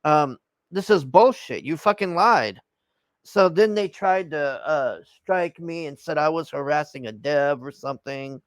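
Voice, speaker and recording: A man's voice: fairly high pitch, unhurried, dry recording. A man telling an angry story in a heated, profane rant, tagging his lines with "man". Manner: heated, swears constantly, tags lines with "man".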